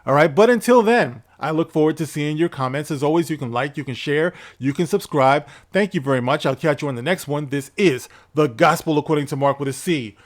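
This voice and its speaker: A man with a fairly high voice hosts a commentary vlog. He talks straight at his audience in a blunt, lecturing way, often calling them "guys". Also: a little fast, hardly any pauses. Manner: direct and lecturing, addresses viewers as "guys". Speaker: commentary channel host. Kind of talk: opinion commentary vlog, reading a statement aloud.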